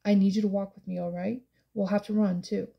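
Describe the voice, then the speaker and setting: A woman's voice: mid-range voice, level tone, brisk, creaky, highs cut off, natural voice. A woman voicing a blunt, tough young male rebel in an audiobook, urgent and bossy.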